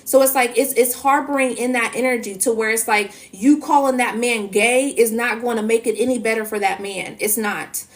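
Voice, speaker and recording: A woman's voice: a little high, fairly even intonation, normal speed, few pauses. Emphatic woman giving an energy reading. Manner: emphatic, repetitive fillers. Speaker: spiritual energy reader. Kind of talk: casual spoken monologue to viewers.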